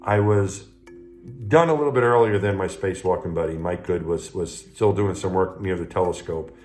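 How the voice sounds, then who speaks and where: A man who was an astronaut, telling personal anecdotes to the camera in a relaxed conversational way. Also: low voice, normal speed, soft background music. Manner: anecdotal, conversational, warm retelling with acted quotes. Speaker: retired astronaut. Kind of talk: storytelling talk to camera.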